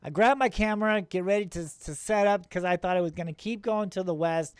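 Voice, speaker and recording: A man hosting a paranormal channel, narrating his own video footage in an excitable, rambling way, with many restarts and chuckles, and scoffing at skeptics. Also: sits high, fairly quick, clean tone, no echo, clean studio sound. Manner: incredulous toward skeptics.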